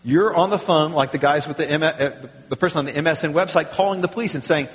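A male pastor giving a sermon, with lively rhetorical questions and acted quotes. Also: a little high, fast. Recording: muffled sound with long hall reverb.

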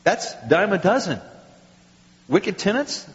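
A man's voice: high voice, takes it slowly. Guy preaching a sermon, voice jumping all over, kinda dull lo-fi sound. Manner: animated preaching with acted quotes and rhetorical questions. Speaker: pastor. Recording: muffled sound with long hall reverb.

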